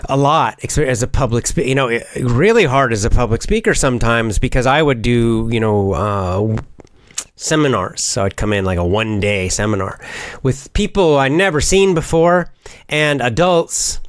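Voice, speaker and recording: A middle-aged man, a teacher and public speaker, talking in a casual, animated way with many fillers and restarts. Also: mid-range voice, normal speed, smooth, no room sound. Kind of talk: casual spoken monologue.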